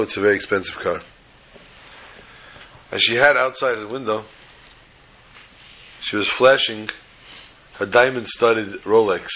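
A male rabbi gives a Torah lesson in a bright, clear voice. He tells stories with lively energy and often breaks into loud, acted-out quotes. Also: lowish voice. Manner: animated, acts out quotes, rising to loud exclamations.

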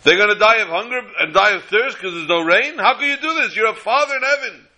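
A simple village farmer cries out in a raised, strained voice, pleading and near tears, as a male storyteller puts him on. His tone is very bright and piercing and climbs well above the teller's own speech. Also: high voice, fairly quick, pitched above the performer's own voice, poor audio. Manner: pleading, tearful outcry.

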